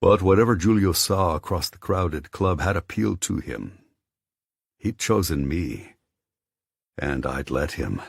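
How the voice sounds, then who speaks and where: A man narrates an audiobook in the first person, his voice extremely deep and gravelly. His tone is cool and measured but moves lively in pitch, with a husky grain, recorded dry and close to the mic. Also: no echo.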